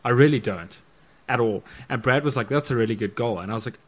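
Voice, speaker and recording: A man's voice: mid-range voice, fast. Sheepish male podcast co-host. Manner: sheepish, self-deprecating, hesitant with ums. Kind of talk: casual podcast chat.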